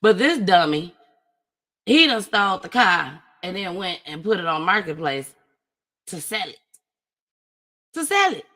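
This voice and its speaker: Woman host, bright, forceful voice, animated casual storyteller with wide swings. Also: a little slow. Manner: animated, with big swings in pitch and loudness.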